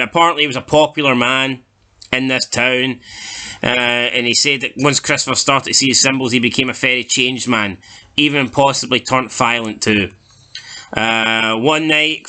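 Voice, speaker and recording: A man's voice: mid-range voice, pushed and bright. A man co-hosting a casual TV review chat, recapping plot points in a dry, skeptical way. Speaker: TV review podcast co-host.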